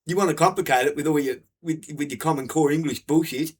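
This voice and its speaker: A man's voice: on the high side, fast talker, slightly rough. A man giving a blunt, profane, repetitive rant to camera. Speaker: vlogger.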